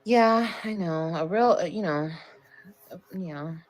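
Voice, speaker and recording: A woman's voice: lowish voice, unhurried. Woman venting on her live stream, swears a lot, blunt and emphatic. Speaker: livestreamer. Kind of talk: casual livestream chat.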